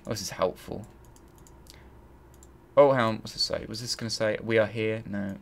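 A man's voice: lowish voice, steady tone, normal speed. A man hosting a let's play, thinking aloud and grumbling as he searches. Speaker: gaming channel host.

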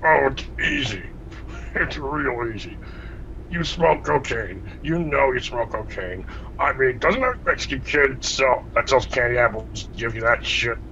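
Mocking male caller, bright tone. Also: mid-range voice, animated, measured pace, vocal fry. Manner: mocking, teasing. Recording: dull lo-fi call with faint noise.

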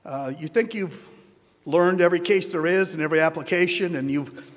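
A man's voice: fairly high pitch, normal speed. An older man giving a humorous, self-deprecating award acceptance speech, telling anecdotes in a wry tone. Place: large hotel ballroom at a conference. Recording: long hall reverb.

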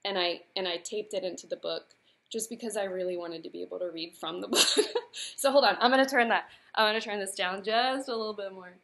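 A woman's voice: mid-range voice, brisk, creaky, a bit bright. A woman in her thirties, an author, chatting earnestly with fillers and then reading aloud from her own book. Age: 30s.

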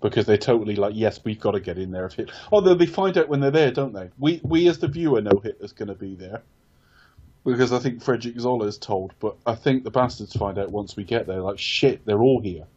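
A man's voice: mid-range voice, animated, fast talker, dark tone, slightly rough, highs cut off. A man co-hosting a casual film review podcast, rambling and correcting himself as he talks, with casual swearing. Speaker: podcast co-host.

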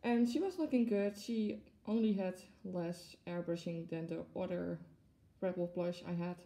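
Her lowish, mellow voice moves at a normal speed as this young plush collector, in her twenties, unboxes a collectible for the camera. She gushes, giggles a lot and leans on many fillers in the casual chat.

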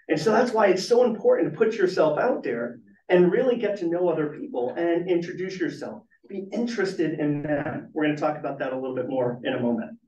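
A middle-aged man, a business trainer, telling lively stories to a meeting room and asking the audience questions. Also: fairly high pitch. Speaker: business trainer and guest speaker. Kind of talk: storytelling talk at a networking meeting. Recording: echoey, muffled room recording from far off.

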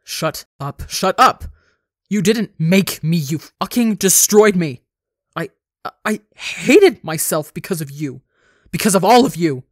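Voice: medium pitch, fairly even intonation, brisk, hardly any pauses, no room sound, natural voice. Reader voicing young winged guy screaming raw, snarly, dry close sound. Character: young winged man, traumatized and furious.

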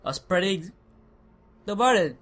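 A young man giving excitable let's play commentary, swearing and shouting at the game. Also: high-pitched, normal speed. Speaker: gaming commentator.

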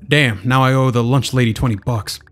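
Man playing a brisk, stern school official. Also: medium pitch, fairly even intonation, a bit bright, soft background music, natural voice.

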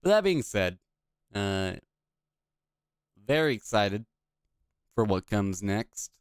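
A man's voice: on the low side, very animated, slow, clean tone, no room sound, clean studio sound. A man casually commenting on a video game he is playing, blunt, profane and rambling. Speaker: gaming video host.

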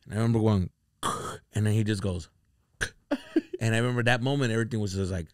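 A man on a comedy podcast telling a story casually, acting out his friends' lines with big jumps in pitch. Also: fast talker, clean tone, no echo, studio quality. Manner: animated, acts out quoted friends with sudden jumps in pitch.

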